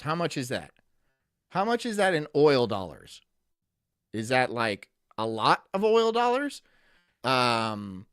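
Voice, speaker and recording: A man's voice: a little high, no room sound, studio quality. Rambling streamer man in his thirties. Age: 30s. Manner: rambling, reads viewer chat aloud, crude joking. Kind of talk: casual live-stream chat.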